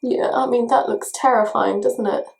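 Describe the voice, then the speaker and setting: A woman's voice: fairly high pitch, steady tone, moderate pace, vocal fry. Woman, Irish accent, self-mocking, chatty, makeup tutorial vlog. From Ireland. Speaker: beauty vlogger. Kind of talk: casual makeup tutorial chat.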